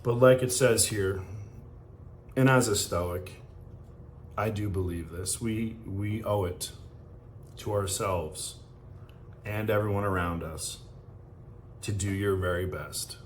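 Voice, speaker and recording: A man's voice: lowish voice, slow, pauses often, a little hiss or hum. A man hosting a podcast, delivering a fervent, emotional motivational monologue. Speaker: podcast host. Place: hotel room.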